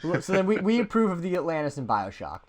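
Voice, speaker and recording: A man's voice: a little high, very animated, quick pace, a crowd in the background. A man hosting a podcast in casual chat, loose and profane, often repeating words as he goes. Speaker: podcast host.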